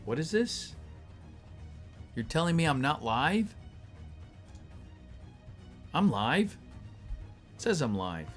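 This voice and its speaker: A man's voice: on the high side, big pitch swings, slow, long pauses, soft background music. A man chatting casually with his livestream viewers, reading their messages aloud and greeting them, his voice a little tired. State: voice getting tired. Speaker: voice actor reading a script on a livestream.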